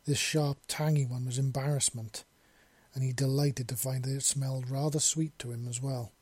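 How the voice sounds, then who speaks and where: Quiet man with a flat, husky voice. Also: mid-range voice, normal speed, no room sound. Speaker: story narrator. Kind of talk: scripted narration of a romance story.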